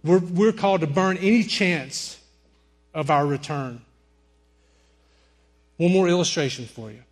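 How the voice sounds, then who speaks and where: A middle-aged man preaching a sermon, telling personal stories and softly quoting the people in them. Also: on the high side, a little slow. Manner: storytelling preacher, quotes people in softer voices. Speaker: pastor.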